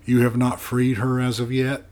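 A man voicing an ancient, scarred, chained male monster in an audiobook, speaking in a hoarse near-whisper, slow and solemn. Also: medium pitch, completely flat delivery, a little mellow, voice pushed up, close to an everyday voice. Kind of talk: audiobook character voice.

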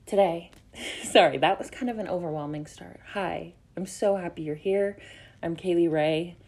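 A young woman with a somewhat low voice hosts her own show in a loose, chatty way. She rambles through her stories, piling on fillers and tossing in swear words when flustered. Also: normal speed, a little mellow. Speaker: podcast host. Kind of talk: casual storytelling chat.

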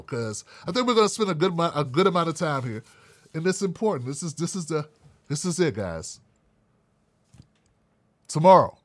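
A man's voice: high-pitched, no room sound. A man hosting his own online commentary show, talking in a sarcastic, mocking and profane way. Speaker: independent media commentator.

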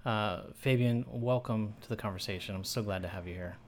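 A man hosting a casual live audio chat, talking in a halting way with lots of fillers and restarts. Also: fairly low pitch. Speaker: podcast host.

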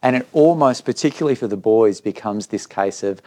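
A man's voice: lowish voice, a little fast. A man, a school director of middle years, talking candidly at a live parent evening and telling stories with quoted dialogue. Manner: candid storytelling, animated when quoting others. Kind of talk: speaking at a live parent info night.

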